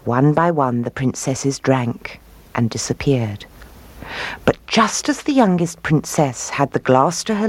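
A woman reading a fairy tale aloud as storyteller, expressive and rising on key words. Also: low voice, breathy edge, no room sound.

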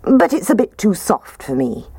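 A woman's voice: medium pitch, big pitch swings, normal speed, warm tone, breathy edge, no room sound, voice pushed up. A woman voicing a fussy young girl in a storybook reading.

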